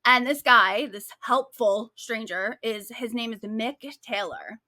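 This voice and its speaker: A woman's voice: on the high side, slow, no echo, clean studio sound. A woman co-hosting a true-crime podcast, retelling the story in a casual, sarcastic way, full of "like"s. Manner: animated, sarcastic storytelling with frequent likes. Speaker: podcast co-host.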